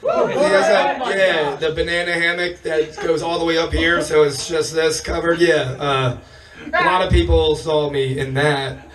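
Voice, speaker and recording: A hoarse man losing his voice, telling a rambling, profane stand-up story on a comedy stage and chuckling as he goes. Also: a little high, unhurried, recorded from a distance, crowd noise, poor audio.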